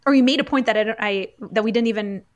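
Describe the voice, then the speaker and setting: A woman's voice: on the high side, racing. A woman co-hosting a casual podcast, affirming and laughing along. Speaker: podcast co-host. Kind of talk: casual chat.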